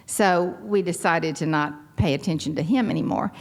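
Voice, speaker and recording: A Texan woman in her sixties telling her personal story at a convention with wry, self-deprecating humor and sudden lively leaps in pitch. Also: normal speed, slight background noise. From Texas. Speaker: convention speaker sharing her recovery story.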